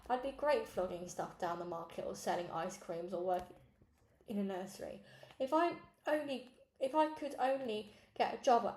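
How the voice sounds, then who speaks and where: A woman's voice: medium pitch, a little mellow. A woman reading a children's storybook aloud in a conversational first-person narration. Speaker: reader. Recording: echoey room, faint noise.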